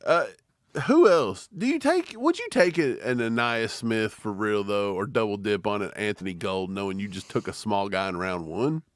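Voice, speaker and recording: A man's voice: lowish voice, normal speed, dry recording, studio quality. A man co-hosting a live football draft reaction stream, talking casually and slipping into silly impressions. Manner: animated, mimics people in silly voices. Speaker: co-host.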